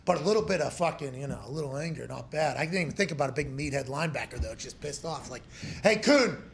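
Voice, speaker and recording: A man's voice: mid-range voice, racing, vocal fry, a little hiss or hum. A man in his thirties, a former punter who hosts a sports talk show, telling stories in a heated, profane, joking way. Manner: profane, heated storytelling that slips into mocking voices.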